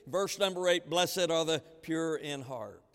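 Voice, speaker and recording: Emphatic preacher in a reverberant hall. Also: male voice, fairly high pitch, measured pace. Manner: emphatic, repeats key phrases, swings between loud and hushed. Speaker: pastor. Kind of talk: sermon.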